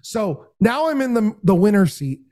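A man telling a story in casual podcast talk, animated and full of imitated voices. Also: sits high, moderate pace. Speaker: podcast guest, game show host.

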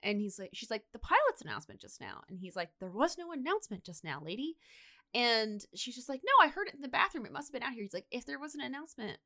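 Woman podcaster, bright tone, chatty animated storyteller. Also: fairly high pitch, fast talker. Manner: animated storyteller acting out quotes, lots of "like". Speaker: podcast co-host. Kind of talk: casual comedic retelling.

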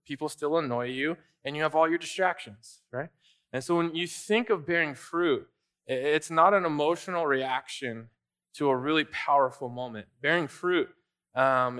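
Bright-voiced conversational male pastor. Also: a little high. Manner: conversational, with filler and restarts. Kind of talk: sermon. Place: church sanctuary.

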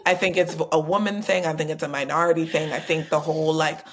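Low-voiced woman podcast host. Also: normal speed, breathy edge. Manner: relaxed, conversational, asks long rambling questions. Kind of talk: casual podcast interview.

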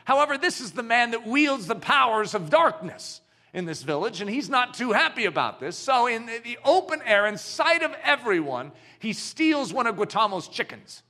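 A preacher tells a sermon story with great drama and asks his listeners questions along the way. His voice is high and bright, and it swings widely in pitch. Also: moderate pace. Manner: animated, dramatic storyteller who poses questions to the audience. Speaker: pastor.

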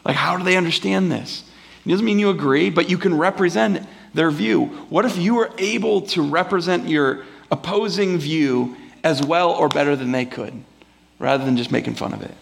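Preaching before a live church congregation, this pastor speaks at a moderate pace in a higher-leaning voice with vocal fry. His sermon is conversational and meandering, and he frequently impersonates the characters in his stories.

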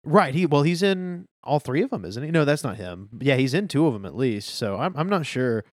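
In a studio-quality recording with no echo, a male podcast co-host with a medium-pitched voice talks briskly and very animatedly. It's a casual chat about manga chapters; he's easygoing and agreeable, and his sentences tend to trail off.

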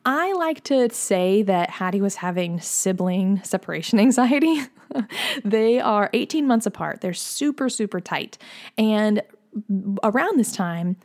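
A woman's voice: medium pitch, darkish tone. A woman in her thirties hosting a podcast as a pediatric sleep consultant, telling a family story in a chatty, effusive way. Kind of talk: casual podcast monologue.

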